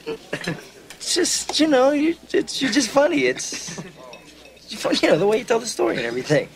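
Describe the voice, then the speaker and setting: Nervous, stammering gangster, high lively voice, bar crowd behind. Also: male voice, full character voice. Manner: hesitant, halting. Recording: film scene with crowd noise.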